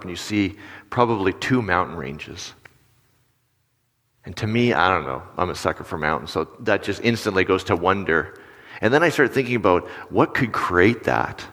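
A man preaching a sermon in a conversational way. He asks his listeners questions and turns animated when he acts out little stories. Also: sits low. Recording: long reverb of a large hall.

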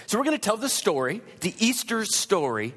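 A man's voice: sits high, big pitch swings, moderate pace, fairly bright tone, breathy edge. A man casually introducing an Easter presentation to a congregation, upbeat and checking in with his listeners. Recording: long reverb of a church hall.

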